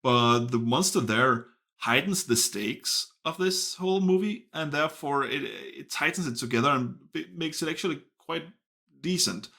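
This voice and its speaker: A man's voice: mid-range voice, moderate pace, gravelly, bright, forceful tone. A man giving a casual spoken film review, stopping often to restart and correct himself. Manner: hesitant, frequent restarts and self-corrections. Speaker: movie reviewer.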